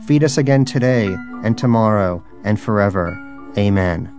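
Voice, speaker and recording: A man's voice: medium pitch, moderate pace, a little mellow, soft background music, close to an everyday voice. A man voicing a pious, hungry male pet rodent in a storybook reading, earnest and lecturing. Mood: prayerful.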